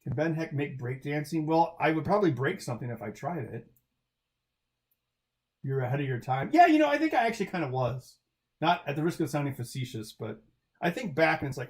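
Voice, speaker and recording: A man's voice: on the high side, sing-song, a little fast, darkish tone. A man hosting a charity livestream, answering viewer chat in a loose, rambling way with lots of fillers and restarts.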